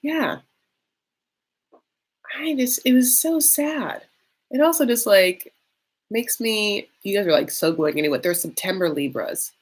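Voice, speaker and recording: A woman's voice: mid-range voice, expressive, measured pace, pauses often, slightly rough. Chatty, catty woman reacting live. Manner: chatty and catty, reads viewer comments aloud, heavy use of "like". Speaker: host of a live reaction stream. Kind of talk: casual live reaction chat.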